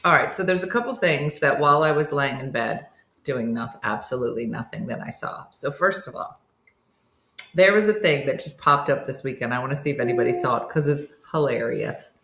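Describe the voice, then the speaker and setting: A woman with an extremely low voice hosts a comedy morning show as a casual livestream, talking fairly quickly. She chats with viewers, reads out their names, laughs, and tells animated stories while acting out quoted voices, with slight background noise and a roomy echo.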